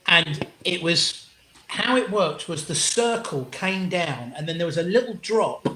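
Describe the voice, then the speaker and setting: Animated English man telling stories. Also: high-pitched, measured pace, slight background noise. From England. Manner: animated, swears casually, many restarts. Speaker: guest comedian. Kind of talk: anecdotal storytelling in an interview. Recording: roomy echo.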